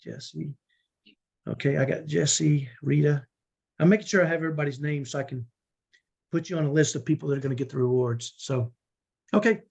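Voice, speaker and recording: A man's voice: a little high, a little fast, vocal fry, long pauses, a little mellow, husky, muffled recording. A middle-aged man hosting a live online parenting training on a video call, earnest and emphatic, often tagging on "right?". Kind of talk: live webinar talk.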